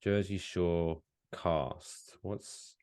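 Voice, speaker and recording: A man's voice: deep voice, extremely slow, a little mellow, clean tone. A man co-hosting a podcast in casual chat, rambling and laughing at his own jokes. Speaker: podcast co-host.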